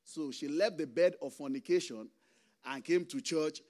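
Pastor guy, high voice, preaching hard, goes loud then drops real quiet. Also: normal speed. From Nigeria. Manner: impassioned preaching that swings between loud emphasis and hushed asides. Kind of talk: sermon.

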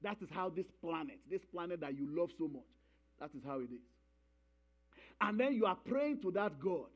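A man's voice: a little high, lively intonation, normal speed, highs cut off. A man preaching a sermon, emphatic, repeating key phrases and calling for responses from the congregation.

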